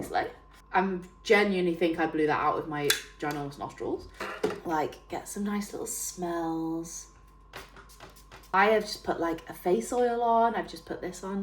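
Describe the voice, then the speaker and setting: A woman's voice: on the low side, slight background noise. A woman of thirty with a northern English accent, chatting to camera in a bubbly way, full of fillers. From northern England. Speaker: fitness trainer and YouTuber. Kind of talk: casual vlog talk to camera.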